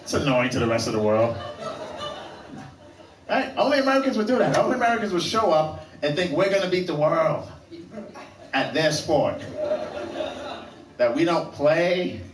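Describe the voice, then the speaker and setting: A man doing stand-up comedy in animated, halting rants. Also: a little high. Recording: echoey club stage from far off.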